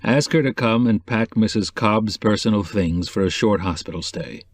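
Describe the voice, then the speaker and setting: A man voicing a calm, kindly newspaperman. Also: on the low side, normal speed, no room sound. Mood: concerned. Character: calm, kindly middle-aged male newspaperman.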